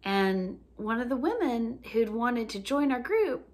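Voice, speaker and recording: Slow, easygoing woman telling a story. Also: fairly high pitch, sing-song. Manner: laughs often while telling a story; easygoing, with frequent fillers. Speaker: joy coach. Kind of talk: casual storytelling monologue.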